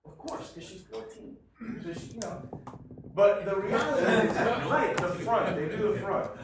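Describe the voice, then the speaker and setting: A man's voice: sits high, animated, moderate pace. A man telling joking, blunt stories and swearing freely as he speaks to a networking meeting with an audience. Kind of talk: humorous motivational storytelling to a group. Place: meeting room with a live audience. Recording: echoey room from far off with crowd.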